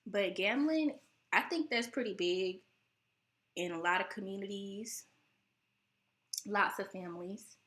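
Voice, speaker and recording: She's a young vlogger from the United States, talking casually and animatedly to the camera with a measured pace and long pauses. She laughs often and mimics relatives in high voices, while her voice carries a slightly teary sound despite her not being upset.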